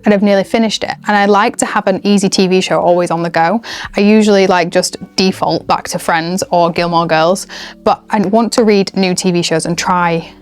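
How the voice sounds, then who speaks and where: Young woman, chatty, rambling, enthusiastic, faint music behind. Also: mid-range voice. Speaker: book and haul vlogger. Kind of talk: casual chat to camera.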